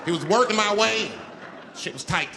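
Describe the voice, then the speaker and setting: A male comedian with a high, very lively voice, telling a story in an animated, profane way. His voice cuts over a loud crowd and live-room noise. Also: normal speed, gravelly. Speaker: stand-up comedian. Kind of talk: stand-up routine.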